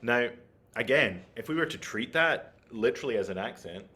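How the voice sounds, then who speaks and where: A man's voice: medium pitch, lively intonation, moderate pace, sharp tone. A man giving an online flute masterclass, explaining technique and checking in with his listeners as he goes. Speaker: flute teacher.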